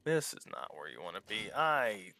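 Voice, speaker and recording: Man, let's-play commentary, gravelly fry, bright tone, rambling, candid, casual swearing. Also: on the low side, big pitch swings, normal speed. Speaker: small YouTuber playing a game.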